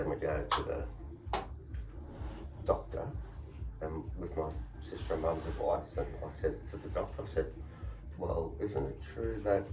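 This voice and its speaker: A man's voice: extremely low pitch, noisy background. A man with an Australian accent telling blunt, sweary stories in a casual chat, laughing often. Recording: echoey room, voice picked up from a distance.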